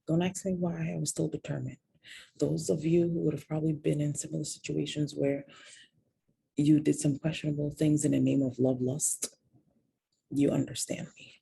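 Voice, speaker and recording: A woman's voice: low-pitched, little pitch movement, moderate pace, gravelly, mellow, slight background noise. A woman candidly confiding a personal story to viewers in a vlog, sometimes dropping to a whisper on painful details. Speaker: host telling her own story.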